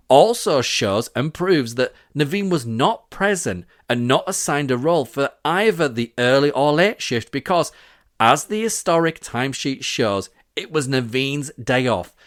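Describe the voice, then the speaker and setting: A man's voice: medium pitch, dry recording, clean studio sound. A man from Britain hosting a scripted podcast, reading out witness quotes with sarcastic, indignant asides. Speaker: podcast host.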